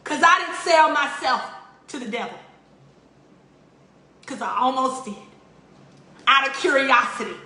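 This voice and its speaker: High, bright-voiced tearful woman pleading. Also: lively intonation, measured pace, pauses often. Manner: emotional, pleading, repetitive preaching cadence. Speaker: religious vlogger. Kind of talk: impassioned spoken appeal. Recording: roomy echo.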